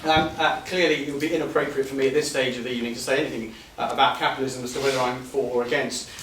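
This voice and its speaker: A man giving a jovial, hesitant welcome speech, with many pauses and fillers. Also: medium pitch, steady tone, roomy sound, recorded from a distance, slight background noise, poor audio. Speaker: guest speaker.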